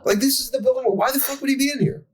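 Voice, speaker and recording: A young man with a husky voice, cursing freely while he rants through a story in casual podcast chat. He talks like a podcast co-host venting to a friend. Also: very high-pitched, racing, low-quality recording. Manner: profane ranting storyteller.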